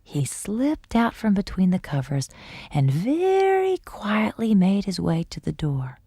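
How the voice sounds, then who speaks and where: A woman reading a bedtime story aloud to children in an expressive, lively way. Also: medium pitch, unhurried, slightly rough, no echo, clean studio sound.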